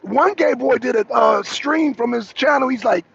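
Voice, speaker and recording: A man's voice: very high-pitched, normal speed, gravelly, a bit bright, breathy edge. A man co-hosting a political talk show, giving heated, rambling commentary full of restarts and asides. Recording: dull lo-fi audio.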